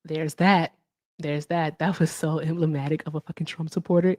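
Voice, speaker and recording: A woman's voice: low voice, fairly even intonation, moderate pace, a little mellow. A woman hosting a casual livestream, chatty and brash, cursing freely and humming filler between remarks. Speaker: livestream host.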